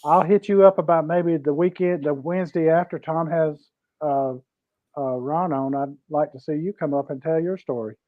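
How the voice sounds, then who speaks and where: A man's voice: fairly high pitch, steady tone, normal speed. A man hosting a casual podcast chat, encouraging his guest with chuckling affirmations. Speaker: podcast host. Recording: dull lo-fi sound.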